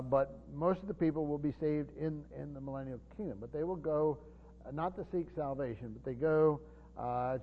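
Male pastor, Bible teaching sermon, slightly high voice, dull echoing hall sound. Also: slight background noise. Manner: earnest, explains word meanings with frequent fillers.

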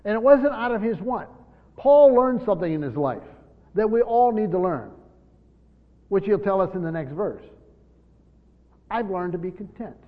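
A man's voice: sits high, very animated, normal speed, long pauses. A man preaching a verse-by-verse sermon as a pastor, earnest, often repeating words and leaning hard on key words. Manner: earnest, repeats words, stresses key words, voices imagined speakers. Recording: dull lo-fi church hall recording with long reverb.

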